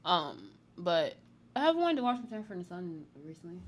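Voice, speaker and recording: A woman's voice: on the low side, very animated, moderate pace. A woman casually recapping a reality TV show, rambling and blunt, with lots of "like" in her speech. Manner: candid, blunt.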